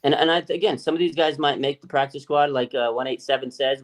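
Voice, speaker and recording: A man co-hosting a podcast, chatting in a lively, casual way, swearing freely and acting out other people's voices. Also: mid-range voice, fast talker. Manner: animated, swears freely, acts out quoted voices. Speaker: podcast co-host. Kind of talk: casual sports chat.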